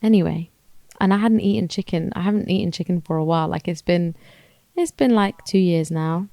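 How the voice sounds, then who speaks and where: A woman's voice: lowish voice, fairly quick, creaky, warm tone, no echo. A young woman, co-hosting a casual podcast and telling a story in slangy chat, acting out what she said at the time. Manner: chatty storyteller, slangy, acts out her own past lines. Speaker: podcast co-host.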